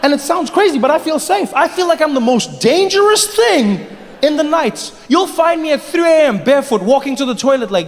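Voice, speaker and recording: A man doing a stand-up comedy set on a large theater stage, telling his story in an animated way, with sudden drops and jumps in his voice. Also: extremely high pitch, fairly quick, crowd noise, background noise. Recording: live show in a reverberant hall.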